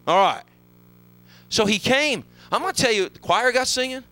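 A high, bright male voice preaching a sermon in a church. He moves from soft, murmured passages to sudden shouted climaxes, and his pitch roams all over. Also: animated, normal speed, no echo, low-quality recording. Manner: fervent preaching, sweeping from hushed lows to shouted highs. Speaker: pastor. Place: church sanctuary.

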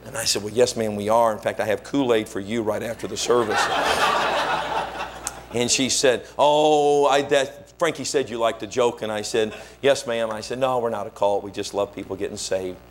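A man's voice: on the low side, moderate pace, slight background noise. A male pastor, preaching a sermon and telling stories, acting out the people he quotes. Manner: animated storyteller, acts out quoted voices. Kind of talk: sermon storytelling.

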